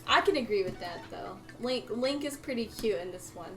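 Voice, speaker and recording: A young woman on a desk microphone chatting casually and reacting out loud while she plays a video game. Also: medium pitch, animated, normal speed, over music. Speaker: streamer.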